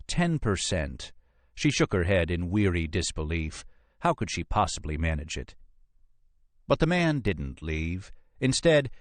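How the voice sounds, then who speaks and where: A man reading a thriller audiobook in measured, expressive scripted narration. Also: low-pitched, dry recording.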